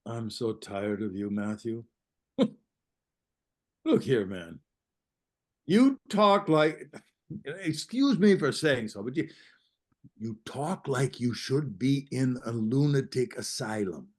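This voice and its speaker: An exasperated yet kindly older host, read by an actor, slow-spoken with lively rises and falls in pitch. He hesitates and trips over his words, half scolding and half comforting, in a stage-play reading. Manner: hesitant, stumbling, awkwardly consoling. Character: exasperated, good-natured older male host.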